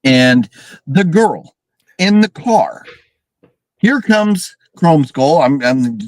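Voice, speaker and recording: A man co-hosting a horror film livestream, talking casually and excitedly, swearing and mimicking characters. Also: on the high side, drawn-out words, dry recording, low-quality recording. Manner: animated, swearing, mimics characters with big shrieks. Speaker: podcast co-host reviewing horror films.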